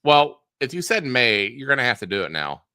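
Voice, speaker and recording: A man's voice: medium pitch, very animated, a little fast, sharp tone, clean tone, no room sound, clean studio sound. A man co-hosting a casual live stream, chatting loosely with frequent restarts and filler words. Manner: rambling, restarts with many uhs. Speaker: co-host.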